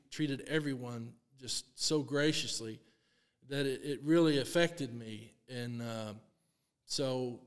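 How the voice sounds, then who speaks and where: A long drive champion in his sixties, appearing as a guest in a casual interview, tells a story in a medium-pitched, mid-range voice. He brings it to life by acting out what people said, laughing often. A long room reverb makes his voice ring.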